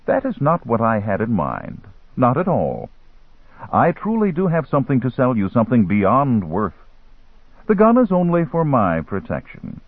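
A man reading an audiobook, voicing a calm, scheming male merchant who works spells, smooth and quietly menacing. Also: mid-range voice, moderate pace, dry recording, voice pushed up, exaggerated voice. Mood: persuasive. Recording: tinny phone-like line.

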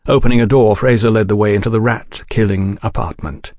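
A man reading a novel aloud in a measured, even audiobook narration. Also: on the low side, dry recording, studio quality.

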